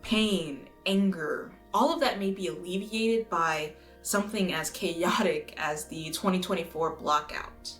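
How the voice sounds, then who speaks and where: A woman from the United States reading a scripted video essay in an earnest, measured way, now and then swearing for emphasis. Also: on the low side, fairly bright tone. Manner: earnest, measured, occasionally profane. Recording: roomy echo with faint music.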